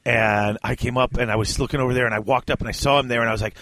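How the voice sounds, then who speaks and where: An excitable man hosts a casual podcast, rambling through his stories with lots of laughter. His voice is medium in pitch. The sound is dry and close to the mic. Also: very fast, no echo. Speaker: podcast host.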